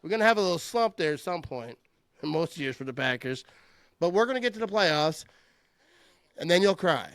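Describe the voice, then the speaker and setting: A middle-aged man hosting a casual sports chat, animated and trash-talking, laughing often. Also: a little high, brisk, pauses often, no echo. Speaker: podcast host.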